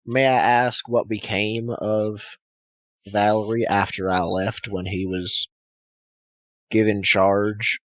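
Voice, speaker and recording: Man as deferential retainer, low-pitched and careful, dry recording. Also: level tone, slow, no echo. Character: polite, upright male retainer questioning his lord.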